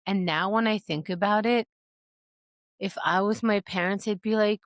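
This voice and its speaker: A woman co-hosts a podcast in a casual, animated way, laughing often and acting out imagined quotes. Her voice sits at a middle pitch, and the sound is dry and close to the mic. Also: moderate pace, dry recording. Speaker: podcast co-host. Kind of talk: casual chat.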